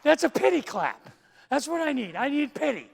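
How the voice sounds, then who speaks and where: A man's voice: very high-pitched, big pitch swings, normal speed, gravelly, a faint crowd, slight background noise. A male pastor preaching a sermon, telling jokes in a playful, self-mocking way in a large church sanctuary. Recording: long church-hall reverb.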